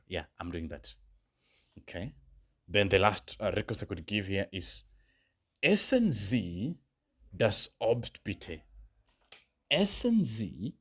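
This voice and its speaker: A man tutoring for a beginner German exam, explaining in English and slowly repeating German phrases for learners. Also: deep voice, fairly bright tone. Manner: patient explainer, checks understanding with "right?" and "okay?". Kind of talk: exam-prep lesson.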